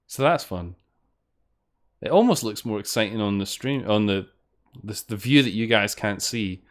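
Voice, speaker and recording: Playing fangames on stream, a man keeps up loose, wandering chatter and curses occasionally when things go wrong. He has a lowish, expressive voice and talks at a normal speed.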